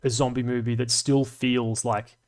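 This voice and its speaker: A man's voice: medium pitch, level tone, normal speed, darkish tone. Joking, swearing man. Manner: swearing, joking, off-the-cuff banter. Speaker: streamer and channel host. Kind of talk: casual livestream chat reading comments.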